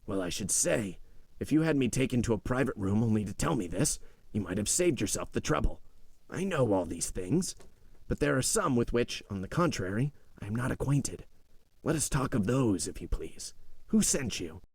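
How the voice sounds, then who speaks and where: A man's voice: mid-range voice, big pitch swings, normal speed, creaky, breathy edge, no echo, heavily acted. A man reading a wily, scheming young prisoner in an audiobook, speaking urgently. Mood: defiant. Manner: urgent hushed pleading.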